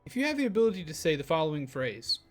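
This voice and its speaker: A man chats casually during a live game stream, rambling and musing aloud. His delivery is full of hedges and bits of dry sarcasm. His voice sits a little high for a man, and clear game music plays behind him. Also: very animated, racing. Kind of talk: casual chat while playing a game.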